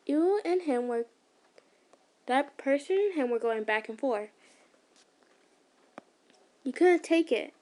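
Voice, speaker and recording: A woman reads a fan story aloud for listeners. Her voice sits high, her reading casual, with slips, restarts and little asides. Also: animated, takes it slowly, pauses often, warm tone. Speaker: ASMR storyteller.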